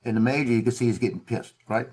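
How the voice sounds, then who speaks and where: A man talks over a video call. He tells a story in a relaxed, conversational way. He slips into the voices of the officers he quotes. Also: medium pitch, fast talker, slightly rough. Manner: animated, acts out quoted officers. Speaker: former Marine telling a story.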